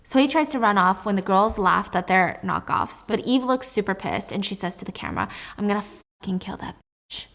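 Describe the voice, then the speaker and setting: A woman's voice: medium pitch, big pitch swings, fairly quick, gravelly, hardly any pauses, fairly bright tone. Chatty woman recapping a drama. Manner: chatty, sassy asides. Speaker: youtuber. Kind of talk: casual drama recap narration.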